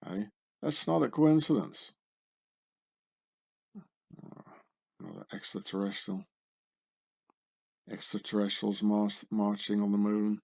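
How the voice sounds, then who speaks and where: A man's voice: lowish voice, takes it slowly, vocal fry, pauses often, a little mellow. A man hosting his own channel and talking through images on screen, in a sardonic, conspiratorial way, often tagging remarks with questions. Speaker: channel host. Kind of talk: screen-share commentary.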